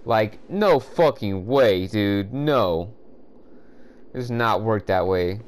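A man's voice: fairly low pitch, animated, takes it slowly. A man giving profane, frustrated commentary over a game walkthrough, ranting at the players watching. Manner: frustrated, swearing, exasperated rants. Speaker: gameplay commentator.

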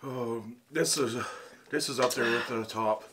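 A man's voice: mid-range voice, a little slow, noisy background. A man with an Ohio accent chatting casually on a food challenge vlog while gasping and groaning through burning heat. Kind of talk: casual chat.

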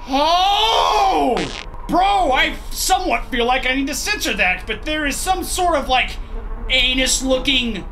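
A gamer giving let's play commentary on a horror game, thinking aloud through puzzles and exclaiming loudly at scares. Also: medium pitch, slight background noise.

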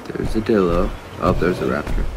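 A man's voice: deep voice, animated, normal speed, background noise. A man giving casual commentary while he plays a video game, talking to the creatures on screen and to his viewers, often frustrated. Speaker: gaming YouTuber.

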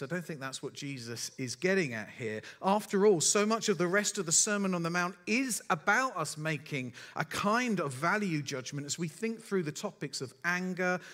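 A man's voice: sits high, a bit bright. A man as the preacher, giving a sermon and telling stories with dry, self-deprecating humour. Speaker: pastor.

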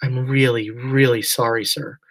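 A man voicing an apologetic female airport gate attendant in a husky voice, speaking softly and politely. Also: mid-range voice, little pitch movement, measured pace, rough recording. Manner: soft, sorry, politely regretful.

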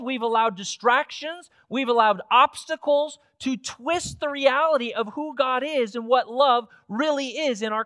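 A male pastor with a strikingly high voice delivers an earnest sermon. His words come in bursts, with restarts and repeated phrases, building to emphatic peaks. The sound is dry and close, with little room reflection. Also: fairly bright tone, no room sound. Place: church sanctuary.

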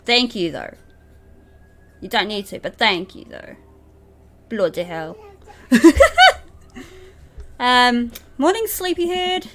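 Casting: young New woman, streamer, bright slightly high voice, slow unhurried delivery, giggly and chatty, soft music under. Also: expressive. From New Zealand. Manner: giggly, chatty with viewers, reads game lines in a playful voice. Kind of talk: live game stream, reading dialogue aloud.

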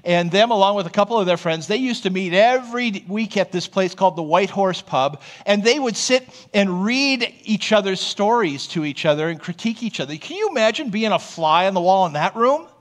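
A man's voice: high voice, fairly quick, few pauses. A man who is a pastor, preaching a sermon in a conversational, storytelling way and often checking in with the congregation. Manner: storytelling, animated.

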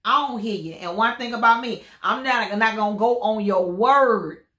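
A woman's voice: on the high side, normal speed, pushed and bright, roomy sound. A woman vlogging about her faith through illness, in some pain, talking in a repetitive, preachy way and chanting her sign-off lines. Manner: preachy, repetitive, sings out catchphrases. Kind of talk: casual faith-filled vlog chat.

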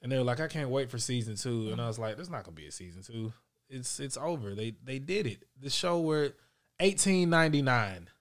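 Guy hosting a podcast, rambly and jokey, swears a lot, middle pitch. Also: lively intonation, brisk. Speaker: podcast host. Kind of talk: casual chat.

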